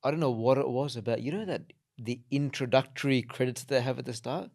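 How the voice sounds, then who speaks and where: A man's voice: mid-range voice, a little fast, creaky, a little mellow. A man hosting a podcast, agreeable and asking short questions. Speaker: host. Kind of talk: casual chat.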